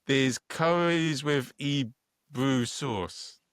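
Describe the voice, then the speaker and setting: A man with a mid-range voice hosts a podcast in a relaxed, joking way, sometimes trailing off as he hunts for the right word. The recording is close and dry. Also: medium pitch, drawn-out words, no echo. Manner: relaxed, joking, searches for words. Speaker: podcast host. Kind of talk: casual podcast interview.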